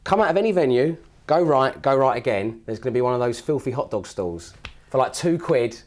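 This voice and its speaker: A man's voice: mid-range voice, lively intonation, fairly quick. A man, a music guest telling jokey, rambling stories in a TV studio chat. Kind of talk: casual TV chat.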